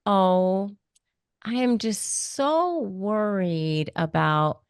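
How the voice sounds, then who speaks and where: A woman doing a sly, fake-concerned gossip who murmurs hushed and hesitant, all false sympathy and little stammers, in a dry close-up sound with no room at all. the voice sits a touch higher than plain speech. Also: gravelly, no echo. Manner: soft, hesitant, faux-worried.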